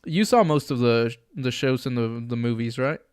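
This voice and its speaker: Guy hosting a podcast panel, throwing questions around, smooth clear voice, dry sound. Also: medium pitch, animated, normal speed, darkish tone, no room sound. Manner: steers talk, asks panelists questions. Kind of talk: casual podcast chat.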